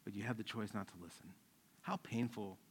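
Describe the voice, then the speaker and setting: A middle-aged man, a pastor, preaching a sermon in a relaxed, conversational way with stories from home. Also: fairly low pitch, a little fast, breathy edge. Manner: conversational preaching, acts out his kids' voices.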